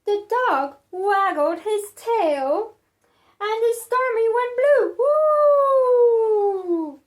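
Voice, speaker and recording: A woman telling a picture-book story to children in a very high, lively, sing-song voice. She reads very slowly, stretching the rhymes and making the sounds of the story.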